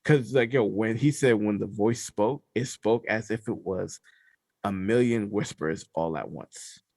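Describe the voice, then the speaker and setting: Man, podcast co-host, casual storytelling, low gravelly voice, dry close sound. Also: measured pace, no room sound. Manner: animated storyteller, acts out voices.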